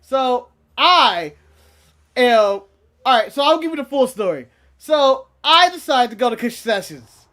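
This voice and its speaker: A high-voiced man telling a story on a casual podcast. He is animated and profane and laughs often. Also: a little slow. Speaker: podcast co-host.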